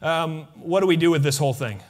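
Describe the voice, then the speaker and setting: A man's voice: on the high side, brisk. A male pastor preaching a sermon, talking straight to his congregation and repeating key phrases for emphasis. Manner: animated, talks to the congregation directly with repeated phrases. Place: church sanctuary.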